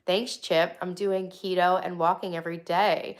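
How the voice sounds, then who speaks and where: A woman's voice: fairly low pitch, little pitch movement. Chatty woman reading her live chat. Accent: softened Long Island. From Long Island, New York. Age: 30s. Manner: chatty, reacts to viewer comments quickly, frequent ums and restarts. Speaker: livestream host. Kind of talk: casual livestream chat reading comments. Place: home studio.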